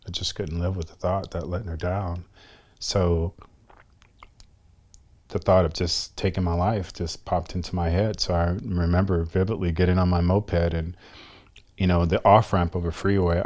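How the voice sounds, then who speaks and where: A middle-aged man from the United States, a guest telling a personal story in a halting, reflective way. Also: low voice, a little mellow. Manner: halting, reflective, slows down often.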